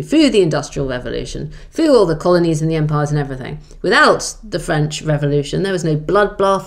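A woman with a low-pitched voice talks through history as an interview guest. Her delivery is vivid and emphatic, with sharp jumps in pitch on the words she stresses. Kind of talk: conversational storytelling in an interview.

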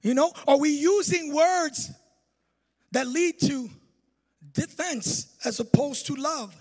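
A middle-aged male pastor preaching a lively sermon with sing-song emphasis and jokes, in a church hall. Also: extremely high pitch, slow pace.

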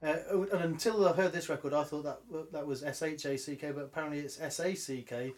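A man co-hosting a casual music podcast, chatty and quick to agree. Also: on the high side, steady tone, a crowd in the background. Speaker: podcast co-host.

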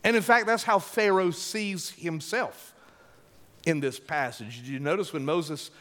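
A male pastor preaching a sermon with emphatic, drawn-out delivery, calling for responses from the congregation. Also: on the high side, fairly bright tone. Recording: long hall reverb.

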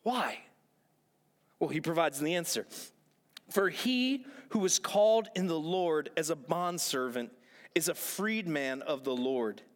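A man's voice: on the high side, animated, measured pace. A man preaching a sermon as a pastor, earnest, repeating phrases for emphasis and asking rhetorical questions. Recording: long echoing hall reverb.

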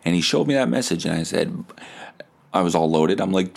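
Gravelly-voiced man telling a story. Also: deep voice, a little fast. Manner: profane, animated retelling with quoted voices. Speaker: podcast host. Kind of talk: casual storytelling.

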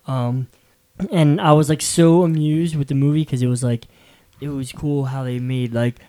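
A man's voice: mid-range voice, fairly even intonation, normal speed, mellow. A man chatting casually, recalling things eagerly and rambling with many fillers. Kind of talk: casual chat.

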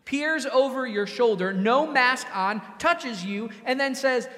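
A man's voice: extremely high pitch, takes it slowly, pushed and bright, big-room sound. A man preaching a sermon in a conversational way, acting out the voices of the people he quotes. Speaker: pastor.

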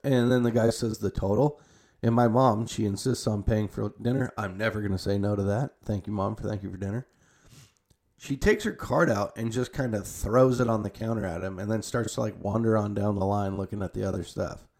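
A man's voice: lowish voice, fairly quick, a little mellow. A young man telling a long family story in casual, rambling speech full of "like" and restarts. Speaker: storyteller recounting a family visit.

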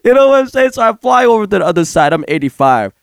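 A man with a high, bouncing voice tells a long story in a casual chat. He swears freely and keeps breaking into laughter. The sound is dry and close. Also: big pitch swings, quick pace, vocal fry, clean tone, no room sound. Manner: profane, laughs through his story. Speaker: storyteller recounting a game session.

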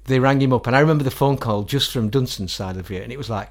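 A middle-aged man with a Northern English accent, a musician guest telling animated stories in a casual interview. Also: mid-range voice, fast. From England. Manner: animated, quotes others in acted-out voices, laughs often.

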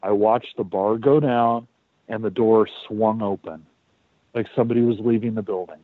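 Male podcast host, casual animated storyteller, dry tinny phone-like sound. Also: lowish voice, moderate pace, no echo. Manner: animated, repeats words, swears.

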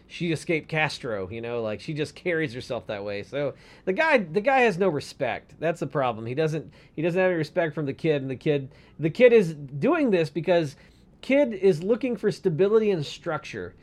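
Male podcast co-host, high voice, casual, crude humor. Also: big pitch swings, normal speed, a little mellow. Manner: joking, profane, reads letters aloud. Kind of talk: casual chat.

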